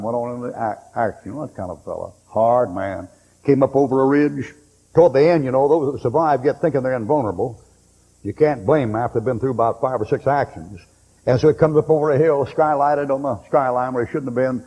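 An older preacher delivering a sermon in a church hall, his voice dark and a little husky. He tells folksy stories and now and then breaks into loud, pressing bursts, with a long reverb trailing each phrase. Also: medium pitch, brisk.

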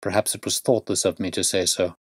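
A man's voice: deep voice, level tone, fairly quick, husky, no room sound, clean studio sound. A man voicing an anguished middle-aged male banker who pleads and exclaims in distress. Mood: despairing.

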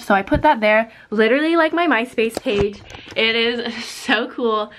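A woman's voice: on the high side, a bit bright. A woman chatting casually to camera in a home vlog, filling her talk with "like". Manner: chatty, says "like" a lot. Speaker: vlogger. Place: home office.

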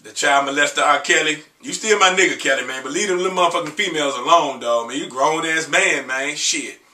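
A man's voice: fairly high pitch, a little fast, bright, forceful tone, reverberant, distant mic. A man in his thirties, an R&B singer, chatting casually and profanely while getting over a cold. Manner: loose, profane, joking chat between sung snippets. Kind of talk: casual vlog with singing.

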